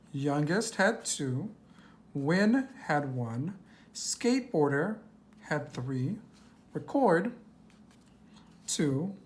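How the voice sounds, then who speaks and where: A deep-voiced woman teacher reads a worksheet aloud to young children. She is patient and slow, posing questions and then answering them herself.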